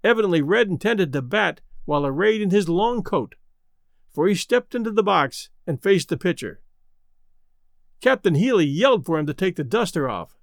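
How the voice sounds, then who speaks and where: A man narrating a story with a lively, expressive reading. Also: high voice, moderate pace, gravelly, dry recording, studio quality. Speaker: audiobook narrator.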